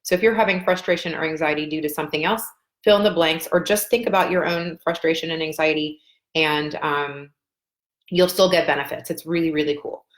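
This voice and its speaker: Low-voiced woman guiding a tapping session. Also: fairly even intonation, brisk, echoey room. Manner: gentle, encouraging, with many ums. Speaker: tapping coach and doctor. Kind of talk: guided tapping session over video call.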